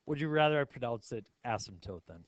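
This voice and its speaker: A man's voice: mid-range voice, animated, fast talker, no room sound, dull audio. A male math teacher lecturing a class in a playful way, asking his students many questions.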